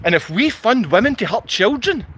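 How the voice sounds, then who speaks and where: Angry man with a Glasgow accent, high voice, noisy recording with passing vehicles. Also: big pitch swings, moderate pace, a bit bright. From Scotland. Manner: furious, insulting, repetitive ranting. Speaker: vlogger. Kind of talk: angry direct-to-camera rant.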